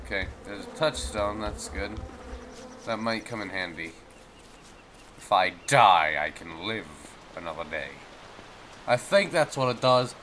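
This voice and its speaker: A man from the United States rambling goofily through let's play commentary, his voice going hoarse. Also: mid-range voice, animated, unhurried, a bit bright, a little hiss or hum. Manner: rambling, goofy, talks to the game. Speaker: gameplay commentator.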